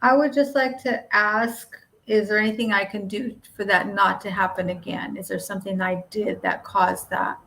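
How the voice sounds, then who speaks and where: A woman's voice: mid-range voice, little pitch movement, normal speed, creaky, hardly any pauses, a bit bright, poor audio. Affirming woman host, faint hiss. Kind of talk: casual chat.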